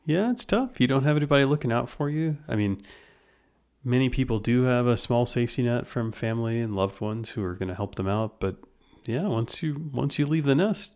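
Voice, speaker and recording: A man's voice: medium pitch, brisk. Easygoing male podcast co-host. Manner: relaxed, conversational, some hesitations. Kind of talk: casual chat.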